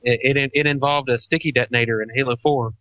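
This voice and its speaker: A man's voice: medium pitch, no echo. Man co-hosting a gaming podcast, dull dry sound. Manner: relaxed, halting, with frequent restarts and fillers. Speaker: podcast co-host. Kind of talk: casual chat.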